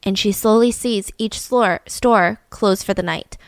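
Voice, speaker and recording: A woman hosting a podcast, telling a true-crime story in a casual, animated way, full of "like" and "right?" asides. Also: mid-range voice, a little slow, dry recording. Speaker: podcast host.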